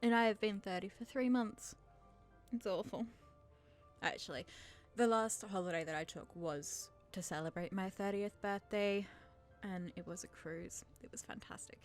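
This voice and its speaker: A woman's voice: mid-range voice, moderate pace. Host, woman, 30s, Australian-born with an English-sounding lilt, nervous and self-deprecating, faint music under her voice. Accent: English-sounding, from a British father. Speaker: channel host. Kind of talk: nervous Q&A chat to camera.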